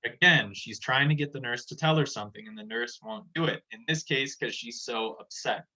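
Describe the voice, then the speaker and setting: Bright-voiced man explaining a lesson. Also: mid-range voice, moderate pace, poor audio. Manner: chatty, retells scenes in everyday words. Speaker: teacher. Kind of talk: casual classroom explanation.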